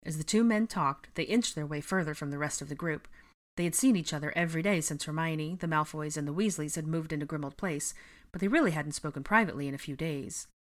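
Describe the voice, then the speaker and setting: A woman's voice: low-pitched, quick pace. A woman narrating a fan fiction chapter aloud, giving the characters only small shifts of voice. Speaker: fanfiction reader. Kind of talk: audiobook narration.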